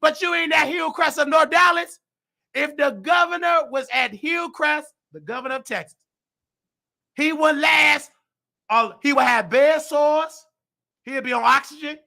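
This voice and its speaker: Guy with a really high gravelly voice, hoarse and worn out, ranting mad and yelling at times. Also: a little slow. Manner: heated, indignant, bursts of shouting. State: hoarse, losing his voice. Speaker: nursing aide and show host. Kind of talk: ranting commentary.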